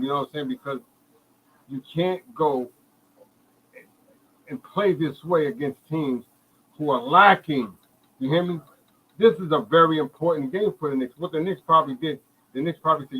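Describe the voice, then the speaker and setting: He's a middle-aged Brooklynite running a fan watch-along, pouring out heated, emotional live commentary on the basketball game, repeating points and talking right to his audience. His voice runs on the high side with a fairly bright tone and a moderate pace. It's a rough recording with slight background noise.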